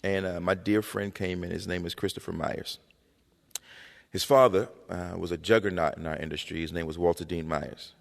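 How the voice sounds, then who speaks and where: A man in his thirties, a guest author, telling stories in an animated, slangy, conversational way on a high school auditorium stage. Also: moderate pace, creaky. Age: 30s. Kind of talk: onstage storytelling conversation. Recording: long reverb in a school auditorium.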